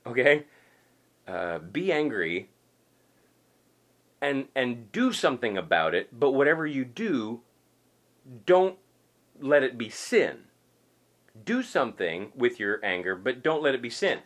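A male pastor delivers a conversational sermon, his pitch rising and falling in a lively, animated way. He is emphatic and folksy, circling back to repeat his points between casual asides. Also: a little slow, long pauses.

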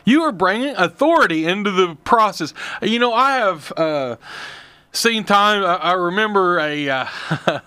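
A man's voice: high-pitched, expressive, unhurried, bright, forceful tone, smooth, dry recording. A man co-hosting a Christian talk show, telling rambling stories full of fillers and restarts. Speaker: co-host.

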